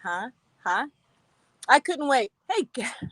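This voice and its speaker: Slow-talking, playful woman livestream host. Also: fairly high pitch, fairly bright tone, dry recording. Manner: chatty, loose and playful, greeting viewers by name; laughs often. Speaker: live stream host. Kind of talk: casual chat greeting viewers.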